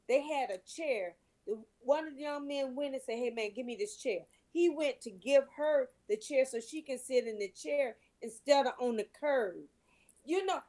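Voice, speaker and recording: Woman, high voice, earnest, talk show guest, pauses to find words. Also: darkish tone. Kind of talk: casual storytelling.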